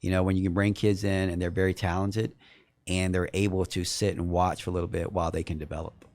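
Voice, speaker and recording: A middle-aged man with a lowish voice talks through a podcast interview as a basketball coach. He speaks in earnest and often circles back over his words while he builds a point. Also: level tone, fast talker, a little mellow. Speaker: head women's basketball coach.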